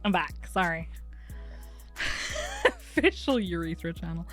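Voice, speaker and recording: A woman's voice: mid-range voice, sing-song, moderate pace, long pauses, dry recording, soft background music. A woman streaming a game live, chatting casually and animatedly, often laughing and swearing.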